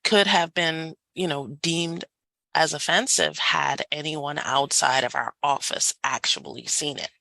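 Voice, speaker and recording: A woman leads a faculty workshop over a video call, lively and quick to laugh. Her voice is low and gravelly with a bright edge, and the sound is close and dry. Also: dry recording, rough recording. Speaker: workshop presenter. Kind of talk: online faculty workshop presentation.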